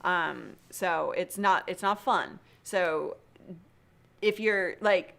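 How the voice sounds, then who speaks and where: A woman's voice: lowish voice, slow pace, gravelly, a bit bright. A woman hosting a live stream in a casual chat, earnest and encouraging, laughing often.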